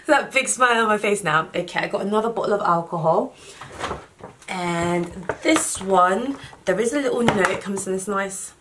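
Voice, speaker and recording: A young woman, chatting casually through a gift unboxing vlog, warm and thankful. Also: mid-range voice, animated, moderate pace, background noise. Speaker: vlogger.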